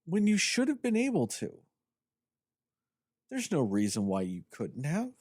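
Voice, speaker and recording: A man's voice: fairly high pitch, unhurried, breathy edge, dry recording, clean studio sound. A man co-hosting a podcast, ranting about a film in casual chat, sarcastic and full of swearing. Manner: animated, profane, sarcastic. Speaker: podcast co-host. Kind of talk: casual movie review chat.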